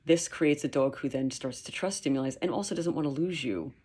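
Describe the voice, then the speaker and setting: A woman dog trainer explaining her methods in a lively, emphatic way, sometimes acting out quotes. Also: sits low, fairly quick, breathy edge. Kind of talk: instructional talk.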